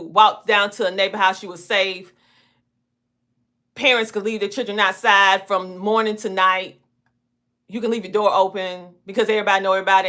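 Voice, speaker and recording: A woman's voice: mid-range voice, fairly bright tone. A woman from a small Southern country town with a Southern twang, chatting casually as a podcast host and telling down-home stories. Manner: chatty storytelling, down-home phrasing. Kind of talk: casual chat.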